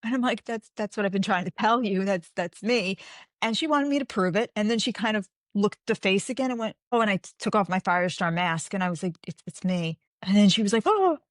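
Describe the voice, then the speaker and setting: A woman in her forties, a guest author chatting in an interview, telling animated stories and acting out the dialogue. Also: mid-range voice, a little fast, dry recording, studio quality. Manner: animated storyteller, acts out quoted dialogue. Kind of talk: casual interview chat.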